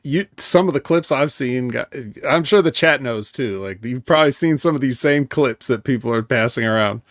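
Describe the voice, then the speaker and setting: A man's voice: medium pitch, expressive, normal speed, a bit bright, no room sound, clean studio sound. A man co-hosting a wrestling podcast in casual chat, earnest and opinionated.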